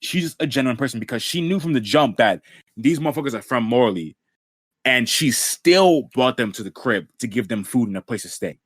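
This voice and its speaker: A man's voice: medium pitch, lively intonation, fairly quick, slightly rough, dry recording. A man co-hosting a podcast, chatting casually and profanely about an anime, full of slang and "bro". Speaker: podcast co-host.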